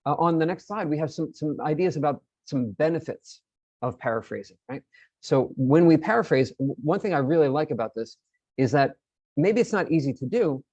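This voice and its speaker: A man's voice: on the high side, darkish tone, slightly rough, dry recording, lo-fi sound. A man presenting an online teacher-training session, explaining in a friendly way and often repeating his words.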